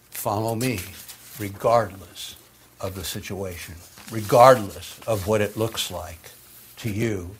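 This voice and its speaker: A man preaching a sermon, swinging between hushed, drawn-out phrases and emphatic, raised passages, with dramatic pauses. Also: fairly low pitch, slightly rough.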